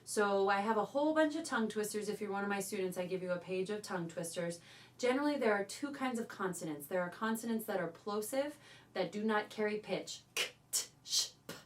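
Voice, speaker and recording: Voice teacher leading choir warm-ups. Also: female voice, medium pitch, brisk. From California. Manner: upbeat coaching, calling out cues between sung drills. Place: teaching studio. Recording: voice from a distance over loud piano. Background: loud piano accompaniment.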